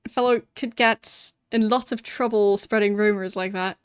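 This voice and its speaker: A woman's voice: mid-range voice, steady tone, normal speed, dry recording, clean studio sound, natural voice. A woman voicing a scruffy but dapper male graveyard keeper in a thick put-on accent, evasive and defensive about his work. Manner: puts on a thick gruff accent.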